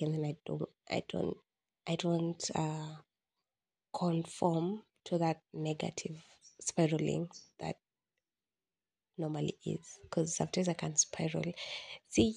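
Woman, solo podcast host; low, husky, gravelly voice; candid, self-mocking confessional ramble.

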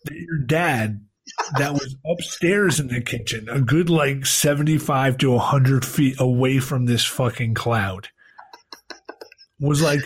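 A man's voice: medium pitch, animated, a little slow, breathy edge. A man in his thirties co-hosting a podcast, swearing freely and rambling with restarts. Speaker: podcast co-host. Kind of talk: casual crude podcast banter.

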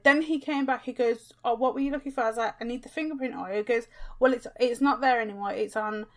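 A woman's voice: fairly high pitch, a bit bright. A woman in her twenties, a podcast co-host, telling an aggrieved story in casual chat.

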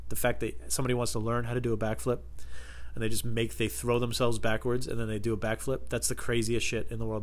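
A young man hosting a podcast, rambling through comic stories with plenty of swearing. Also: mid-range voice. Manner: animated storytelling, swearing, bursts into loud impressions. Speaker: podcast host. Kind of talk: rambling comedic monologue.

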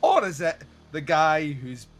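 Swearing, animated man host. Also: fairly high pitch, a little slow, faint music behind. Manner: animated, swearing, acts out movie scenes. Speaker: podcast host. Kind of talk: casual chat.

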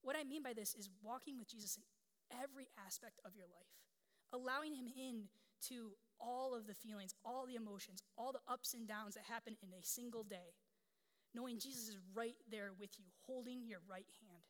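A woman's voice: fairly high pitch, fairly quick. A woman pastor in her thirties preaching a sermon in a candid, conversational storytelling way. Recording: long hall reverb.

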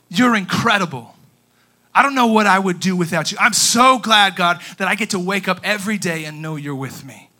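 A young man preaching a sermon as a youth pastor, animated, swinging between quiet and loud with emphatic pauses. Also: high-pitched.

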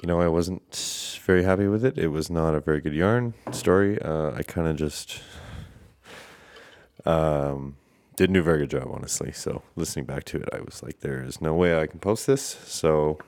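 A man with an extremely low voice talks through a casual podcast monologue, congested and breathing through his mouth. He rambles and hesitates with plenty of fillers and a tired, self-deprecating air. The sound is dry and close, with no room around it. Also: normal speed, a little mellow, dry recording. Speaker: podcast host.

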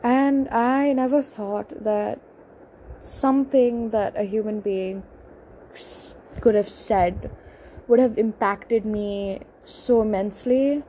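Young woman, slow halting confessional talk, mellow voice, faint background noise. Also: a little high, fairly even intonation, poor audio. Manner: halting, emotional, many restarts and pauses. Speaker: speaker sharing a personal story. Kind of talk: personal confessional monologue.

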